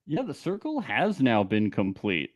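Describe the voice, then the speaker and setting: A man co-hosting a live TV recap podcast, joking around with quick, animated asides. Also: medium pitch, no room sound, clean studio sound. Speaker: podcast co-host. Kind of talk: casual live recap chat.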